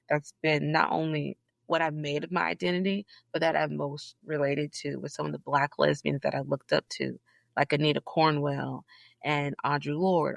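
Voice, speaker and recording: A woman from Southeast Georgia, a guest in a casual interview, telling stories in an animated, emphatic way with sudden high, loud bursts. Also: gravelly, dry recording. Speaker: podcast guest, librarian.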